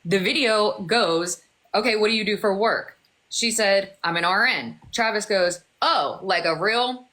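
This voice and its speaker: A woman's voice: mid-range voice, measured pace, bright, forceful tone. A woman guest on a live stream, defending herself and retelling a clip in casual chat.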